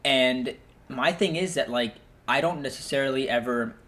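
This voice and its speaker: A young man hosting a podcast, telling animated stories in casual chat, laughing often and using many fillers. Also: mid-range voice, normal speed. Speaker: podcast host.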